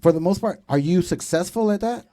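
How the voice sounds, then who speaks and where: A man in his thirties hosts a comedy show from a club stage, working the crowd with loud, profane teasing. His voice is high and he talks fairly quickly.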